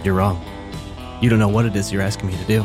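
A man's voice: fairly low pitch, little pitch movement, fast talker, over music, voice pushed down, lightly acted. A man reading the part of a grave confidant who warns an actress, in an intense dramatic style. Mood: grave, warning.

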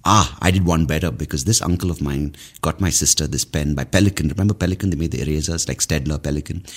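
Very deep-voiced rambling man. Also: darkish tone. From India. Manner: rambling, swears freely, self-mocking. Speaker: podcast host. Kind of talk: casual monologue.

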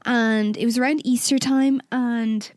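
A young woman with a fairly high voice tells a personal story in relaxed podcast chat. She is candid, swears freely and acts out both sides of remembered conversations. The sound is close and dry. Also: unhurried, dry recording. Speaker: podcast co-host.

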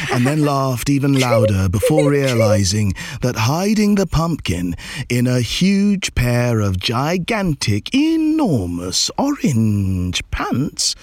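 A man reading a children's story aloud, slow and expressive, drawing out repeated words. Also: mid-range voice, a little hiss or hum.

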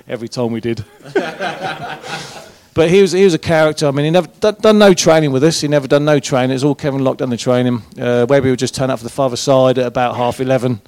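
Quick-paced and fairly high-pitched, with a slightly mellow tone, this ex-footballer shares swearing, colloquial stories on stage. He's a guest at a live event, spinning relaxed anecdotes to an audience in the room.

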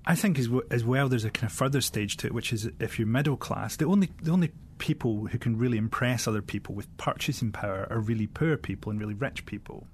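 Man, comedian guest, dry sardonic chat, mid pitch, faint background hum. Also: fast talker, few pauses. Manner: dry, sardonic, with casual swearing. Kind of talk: casual conversation.

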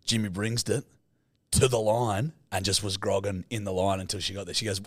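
A young Australian man co-hosting a podcast, telling rowdy, sweary stories with loud bursts of laughter. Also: fairly low pitch, steady tone, fairly quick, no echo. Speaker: podcast co-host. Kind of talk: casual chat.

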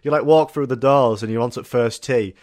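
A man's voice: mid-range voice, fairly quick, a little mellow, no room sound, clean studio sound. Young male podcast host, rambling sweary comic monologue, laughs a lot. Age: young adult. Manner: rambling, swearing, laughing, acting out voices of people in his stories.

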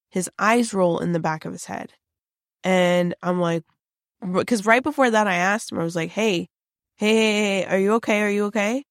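A woman's voice: on the low side, gravelly, dry recording, clean studio sound. A woman, a psychic on a paranormal team, recounting a vivid dream in casual chat, rambling with many fillers and restarts.

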